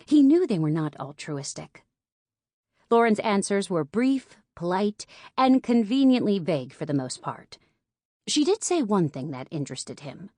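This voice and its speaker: A woman narrating an audiobook in an even, clear storytelling manner. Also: medium pitch, measured pace, no room sound, studio quality. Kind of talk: scripted narration.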